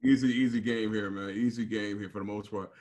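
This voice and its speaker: A man's voice: lowish voice, steady tone, a little fast, darkish tone. A man co-hosting a sports talk show, teasing the others and making his points emphatically. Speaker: co-host.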